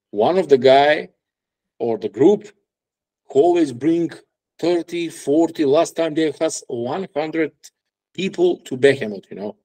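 A man's voice: mid-range voice, darkish tone, rough recording. A man from North Macedonia with a Macedonian accent, a guest musician telling stories in broken English and acting out the people he quotes. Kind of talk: casual storytelling interview.

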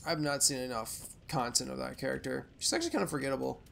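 A young man hosting a let's play, giving rambling, profane gameplay commentary with sudden loud outbursts. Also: mid-range voice, expressive, fast, gravelly, a little hiss or hum.

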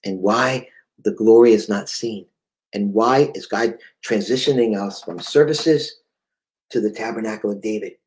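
A man's voice: on the low side, normal speed, rough recording. A man with a New England accent preaching a fervent sermon, often stammering and repeating words.

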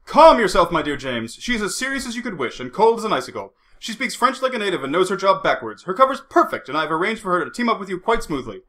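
A chatty, winking middle-aged French secret agent, put on by a man reading a novel aloud. The voice sits high and bright, swinging up and down with lively, teasing play. He talks quickly, as if sharing a good joke. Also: heavily acted. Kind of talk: audiobook reading.

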